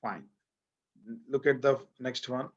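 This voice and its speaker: A man with an Indian English accent teaches an English grammar class lecture, explaining through repetition and putting questions to the class. His voice is medium-pitched and husky, he takes it slowly, and the highs are cut off.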